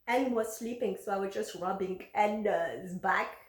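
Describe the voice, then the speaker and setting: A woman's voice: mid-range voice, slow pace. A woman telling a personal story in a casual, chatty way, recorded in an echoey room. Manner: chatty, lots of fillers and restarts. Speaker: vlogger.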